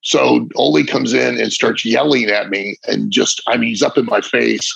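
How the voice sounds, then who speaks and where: A man's voice: medium pitch, fairly even intonation, moderate pace, gravelly, a bit bright, slightly rough, dry recording. A middle-aged man, a former wrestler, telling rambling, vivid stories in a casual interview, often restarting his sentences. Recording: dull lo-fi recording.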